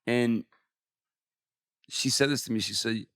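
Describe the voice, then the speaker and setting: A man's voice: medium pitch, a little slow, a bit bright, smooth, dry recording, studio quality. A man in his forties, a musician guest on an interview podcast, telling a personal story candidly and emotionally, with some swearing.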